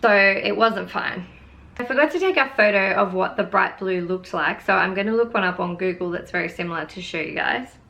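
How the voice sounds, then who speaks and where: A woman's voice: medium pitch, fairly quick, creaky, sharp tone. A young woman vlogger telling a casual, exasperated storytime full of "like". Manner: chatty, exasperated, heavy use of "like". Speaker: beauty vlogger.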